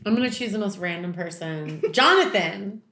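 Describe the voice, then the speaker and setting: A woman's voice: mid-range voice, animated, measured pace, a bit bright, slight background noise. A young woman co-hosting a podcast in bubbly, teasing casual chat, often giggling. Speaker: podcast co-host.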